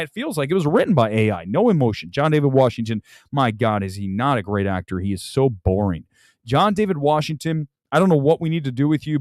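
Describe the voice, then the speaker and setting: Opinionated male livestream film host, lively swooping delivery, middle pitch. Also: no echo, clean studio sound. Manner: animated, ranting, swings from loud outbursts to low mutters. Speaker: film critic show host. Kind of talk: opinionated livestream movie talk. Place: home room with film boxes and jerseys.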